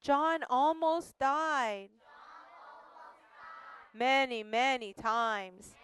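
A woman teaching children at church and leading them in a gentle, slow prayer. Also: high voice, slight background noise.

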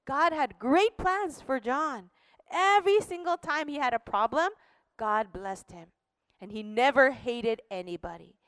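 A very high-voiced woman tells a story to children, taking her time over every phrase. The sound is close and dry. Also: clean tone, no echo. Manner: slow, expressive storytelling to kids. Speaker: children's ministry teacher.

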